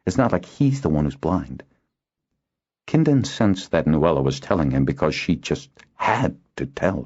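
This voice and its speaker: A man narrating an audiobook in an expressive, varied delivery. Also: extremely low pitch, slightly rough. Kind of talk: scripted narration. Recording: dull lo-fi recording.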